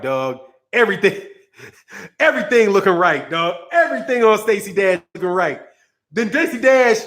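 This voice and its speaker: A man's voice: high voice, a bit bright. A man hosting a boxing commentary channel, ranting in a heated, profane way, repeating himself and breaking into laughter.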